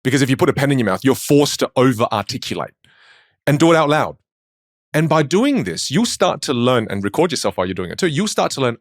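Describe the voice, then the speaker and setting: A man's voice: medium pitch, big pitch swings, fast talker, no echo. Aussie guy coaching speech on a podcast, voice jumps around a lot, dry studio mic. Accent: Australian. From Australia. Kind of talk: podcast interview.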